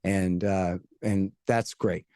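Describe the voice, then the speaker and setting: A man from the United States, a guest on a casual podcast interview, talking bluntly and sarcastically, with fast rants and mocking quoted voices. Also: deep voice, steady tone, dark tone, dry recording. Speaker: guest, antiwar radio host and author.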